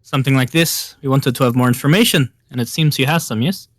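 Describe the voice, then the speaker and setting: A man's voice: medium pitch, a bit bright, no room sound, lightly acted. A man playing a polite, diplomatic vampire. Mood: courteous. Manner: polite and diplomatic, a little halting. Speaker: player. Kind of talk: live-streamed tabletop role-play.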